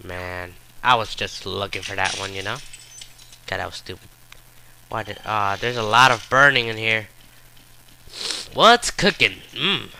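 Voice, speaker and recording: Male gamer, slow-paced commentary, profane trash talk, frustrated. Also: lowish voice, vocal fry, bright, forceful tone, slight background noise. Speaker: gameplay commentator. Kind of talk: live gameplay commentary.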